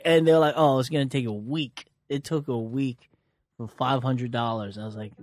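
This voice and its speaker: A man's voice: mid-range voice, steady tone, moderate pace, a little mellow, no echo. A young man, a comedian, telling stories in a casual chat in a dry, sarcastic way with a lot of swearing. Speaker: comedian guest.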